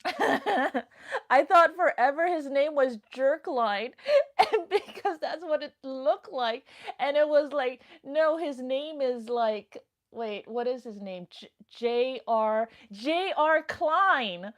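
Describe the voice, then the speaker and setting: A woman with a high voice hosts a casual livestream at a slow pace, recorded on a phone mic. She sounds nervous and giggly, whispering to herself between remarks.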